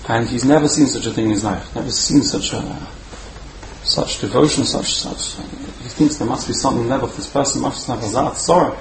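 A man giving a storytelling sermon as a Torah speaker, animated and repeating words for emphasis. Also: medium pitch, a little fast, gravelly. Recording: roomy echo, faint background hum.

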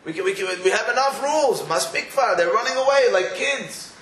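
Animated man giving a Torah class. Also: very high-pitched, a little fast. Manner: animated storytelling with quoted voices. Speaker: rabbi. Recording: roomy echo with faint room noise.

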